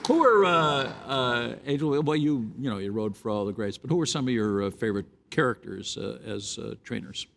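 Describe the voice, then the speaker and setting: Gravelly man moderating with halting questions. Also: mid-range voice, animated, fairly bright tone, slight background noise. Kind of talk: panel moderation.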